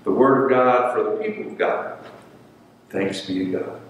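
A male pastor delivers a sermon in a measured, deliberate voice, now and then repeating a word. The recording is distant and full of long, ringing church reverb. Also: mid-range voice, dull audio, slight background noise. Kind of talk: sermon with scripture reading. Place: church sanctuary. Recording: echoey church hall from far off.

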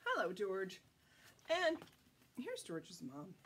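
A woman's voice: mid-range voice, huge pitch swings, slow pace, a bit bright, breathy edge. A woman reading a picture book aloud to children, playful and exclamatory in a sing-song manner. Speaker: children's storyteller. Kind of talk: storytime read-aloud for kids.

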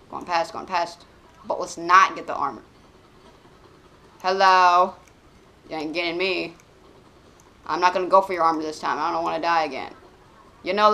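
A woman giving let's play commentary on a game, swinging between loud excited outbursts and quiet muttering to herself. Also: lowish voice. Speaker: gaming channel host.

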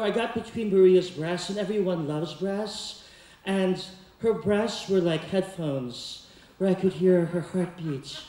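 A man's voice: high voice, dark tone. A man telling a comic, theatrical personal story on stage, now and then breaking into song. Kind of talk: live storytelling performance. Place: community center stage before a laughing audience. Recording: echoey hall, distant mic.

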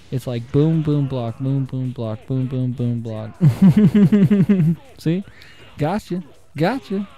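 A young man giving excitable, casual gameplay commentary, trash-talking the computer opponents and laughing often. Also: medium pitch. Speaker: gaming channel host.

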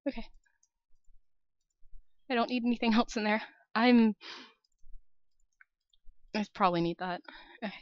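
A woman's voice: a little high, unhurried, pauses often, no room sound, dull audio. A young woman narrating her own game as a let's-play host, nervous and shaky, talking to herself and her viewers. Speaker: gaming channel host.

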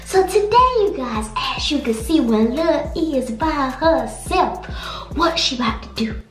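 A woman's voice: high voice, lively intonation, measured pace. A young woman hosting a casual home vlog, slangy and playful with a sing-song delivery. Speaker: vlogger host. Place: indoors at home, room with echo. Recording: echoey room with music underneath.

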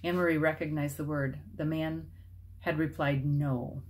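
A woman reads a children's novel aloud in a slightly low voice. Her reading is expressive and shifts with the story. It has the feel of a read-aloud meant for kids at home. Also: moderate pace. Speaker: storybook reader.

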